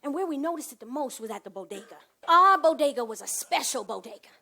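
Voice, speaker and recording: A woman performing a comic one-woman stage monologue, animated, swinging from hushed asides to loud bursts. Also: high voice, fast talker.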